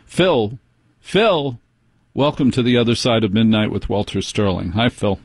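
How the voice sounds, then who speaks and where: A man hosting a late-night radio call-in show, talking in a smooth, persuasive, conspiratorial way into a studio microphone. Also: on the low side, brisk, slight background noise.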